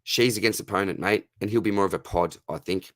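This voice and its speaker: A man in his thirties with an Australian accent, hosting a casual live Q&A, friendly and matey, his voice going hoarse. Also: deep voice, fast, fairly bright tone, no echo. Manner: matey and friendly, calls viewers mate and brother. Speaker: livestream host answering fantasy football questions.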